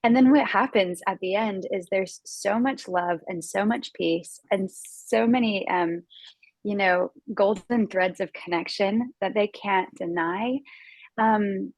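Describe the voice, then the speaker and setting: A woman's voice: mid-range voice, slow, a little mellow, dry recording, poor audio. An American woman, a podcast guest, talking earnestly in casual conversation, with many fillers and restarts.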